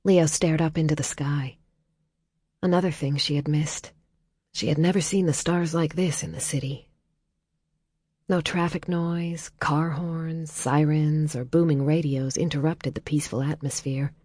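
Low voiced woman reading an audiobook, calm and measured, dry close sound. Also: slightly rough, dry recording. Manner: calm, measured, drops to a near whisper in tender passages. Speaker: audiobook narrator. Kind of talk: scripted narration.

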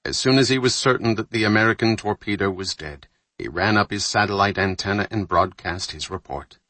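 Deep husky male audiobook narrator. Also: no echo. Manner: measured, steady reading with lightly voiced dialogue.

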